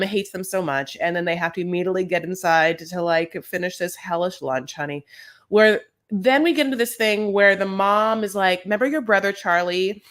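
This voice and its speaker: A man's voice: high-pitched, fairly bright tone. A man co-hosting a podcast, recapping a reality show in a campy, gossipy way with dramatic asides. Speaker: podcast co-host.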